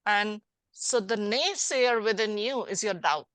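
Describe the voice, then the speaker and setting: A woman life coach hosting a conversational interview, animated and acting out little scenes as she explains. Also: medium pitch, measured pace, dry recording. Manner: animated, acts out little scenes with changing voices. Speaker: life coach and podcast host.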